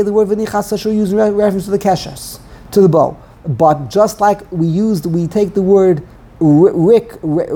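Gravelly, husky male Torah teacher. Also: high-pitched, mellow. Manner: thinks aloud, halting, repeats words. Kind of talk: text study lesson.

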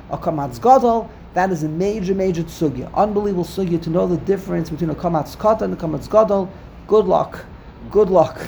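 A man's voice: high-pitched, darkish tone, slight background noise. Man teaching a grammar lesson, repeating himself. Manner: explains by repetition, urging listeners to look. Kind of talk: Hebrew grammar study class.

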